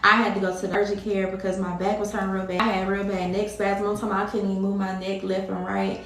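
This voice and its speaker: A woman's voice: medium pitch, little pitch movement, quick pace, fairly bright tone, far from the mic. A woman vlogger telling a personal story to her viewers in a casual, emphatic way, repeating herself and addressing them directly. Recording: very echoey room.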